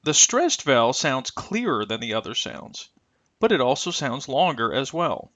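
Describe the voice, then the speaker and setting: Lively-voiced man teaching pronunciation. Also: mid-range voice, no room sound. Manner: careful, deliberate, stretches example sounds. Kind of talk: scripted instructional narration.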